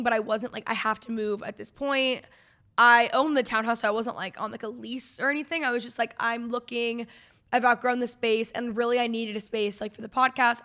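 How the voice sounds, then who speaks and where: Bright chatty young woman host. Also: fairly high pitch. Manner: chatty and rambling, heavy with "like". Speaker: podcast host. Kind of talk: casual solo podcast chat. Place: her living room at home.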